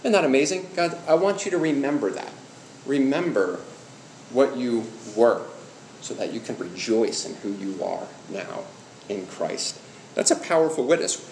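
A middle-aged male pastor teaches a church class in an easy, conversational way, asking the group questions and telling personal stories. His voice sits at an ordinary middle pitch for a man. It echoes through a roomy hall, with a faint hum behind it. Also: a little mellow.

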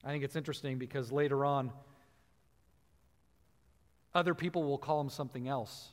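A man preaching a sermon, explaining scripture and slowing down to stress key phrases. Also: medium pitch, steady tone. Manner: teaching, emphatic with slow stressed phrases. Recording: long hall reverb.

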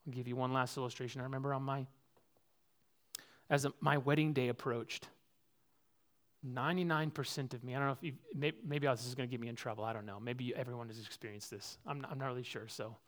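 A man preaching a sermon as pastor, earnest and personal, swinging between loud, high exhortation and quiet, low reflection. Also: fairly even intonation, fast talker.

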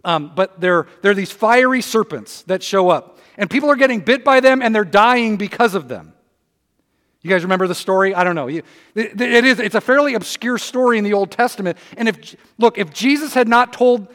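A man's voice: high-pitched, animated, brisk, fairly bright tone. A man preaching a sermon, reading scripture aloud with emphasis and breaking into conversational asides. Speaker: pastor. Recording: long reverb of a hall.

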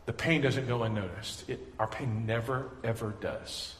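A man's voice: medium pitch, normal speed, hardly any pauses, fairly bright tone, a little hiss or hum. A man preaching a sermon as pastor, conversational and earnest, building to emphatic passion. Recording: echoey hall reverb.

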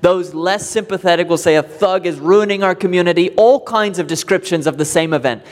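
A man preaching a sermon to his church, emphatic and deliberate, repeating key words for weight. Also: sits high, in a large hall. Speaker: pastor. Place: church sanctuary.

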